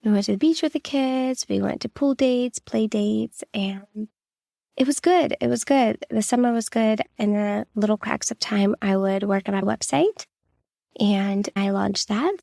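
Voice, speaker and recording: A woman in her thirties tells personal stories on her podcast, candid and reassuring, with "like" scattered through her speech. Her voice has a gravelly, fried edge. The recording is dry and close, with no room sound. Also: on the high side, moderate pace, dark tone, dry recording. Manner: candid, reassuring, with many "like" fillers. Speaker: podcast host.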